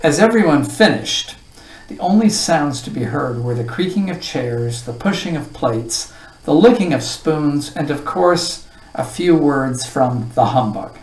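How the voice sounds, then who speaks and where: Children's novel read-aloud, mid pitch, roomy sound, distant mic. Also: measured pace. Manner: expressive read-aloud narration. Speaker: storybook reader. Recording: roomy echo, voice far from the mic.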